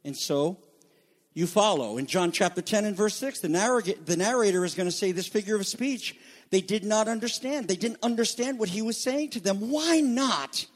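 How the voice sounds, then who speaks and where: A man preaching a sermon as pastor, emphatic, swinging between loud declarations and quiet asides. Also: high voice, expressive, normal speed. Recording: long reverb of a large hall.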